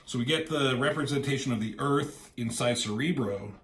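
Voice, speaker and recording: Man, comic reviewer, rambling animated recap, mid pitch, roomy echo. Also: normal speed. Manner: rambling, animated retelling with quoted character lines.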